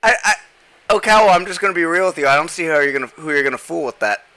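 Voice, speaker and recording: A man's voice: on the high side, animated, rapid-fire, bright, forceful tone. A man in casual stream banter, teasing in a mock-serious way with stammering restarts.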